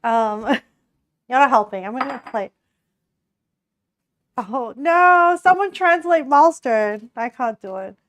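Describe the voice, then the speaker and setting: A young Australian woman cooks on a live stream while chatting casually with viewers, giggling often and rambling with plenty of "like" fillers. Her high voice is expressive and slow with frequent pauses and a slightly bright edge, in a dry recording.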